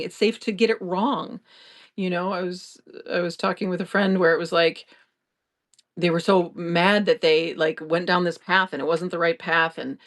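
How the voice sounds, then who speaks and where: Earnest, rambling woman host. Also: mid-range voice. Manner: rambling, earnest and reassuring, with frequent restarts and laughs. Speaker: podcast host. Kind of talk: improvised casual monologue.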